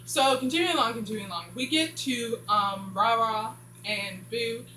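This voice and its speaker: A woman with a slightly high, sharp-toned voice recaps a TV series at a moderate pace, captured in an echoey room with a faint hum. As a show reviewer, she rambles casually and plugs gaps with a lot of "blah blah."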